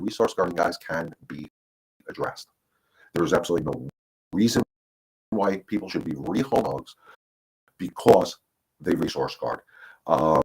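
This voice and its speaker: A man's voice: sits low, breathy edge, rough recording. A middle-aged man, a dog trainer, giving casual advice in a rambling way, often repeating words as he talks. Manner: rambling, repeats words, acts out quoted voices. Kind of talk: casual livestream advice talk.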